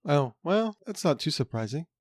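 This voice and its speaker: A man's voice: fairly high pitch, sing-song, normal speed, no echo. A man co-hosting a podcast in casual chat, reacting with short remarks and teasing questions. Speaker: podcast co-host.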